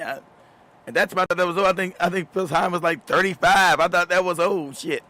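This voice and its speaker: A high, bright voice with a forceful tone and brisk pace comes from a man in his fifties who hosts a show. Telling loose, profane stories in a casual monologue, he keeps laughing and repeating himself.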